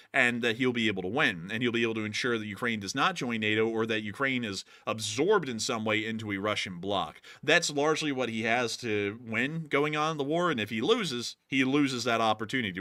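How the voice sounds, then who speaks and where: A rambling man hosts a live stream and answers viewer questions, full of ums and folksy sign-offs. His voice sits low but comes across bright and forceful. The sound is dry and close. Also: dry recording. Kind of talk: casual live-stream commentary.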